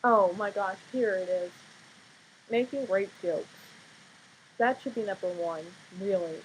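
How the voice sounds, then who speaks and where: A young woman in her teens vlogging casually at home late at night, sleepy and quiet, rambling with fillers and blunt outbursts. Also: mid-range voice, a little slow, a little hiss or hum, rough recording. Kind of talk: casual vlog monologue.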